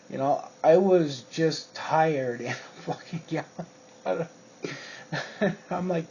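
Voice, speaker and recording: Guy rambling slow through a cussing work story, husky voice, dull lo-fi sound, faint crickets. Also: fairly high pitch, expressive, dark tone. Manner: profane, rambling, with frequent fillers. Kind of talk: casual personal storytelling.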